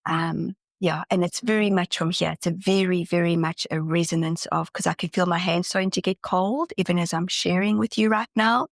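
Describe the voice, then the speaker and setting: A woman's voice: fairly low pitch, steady tone, a little fast, vocal fry, hardly any pauses, no echo, studio quality. A woman guest in a casual interview, talking earnestly and enthusiastically, often restarting her sentences. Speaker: podcast guest, spiritual channeler.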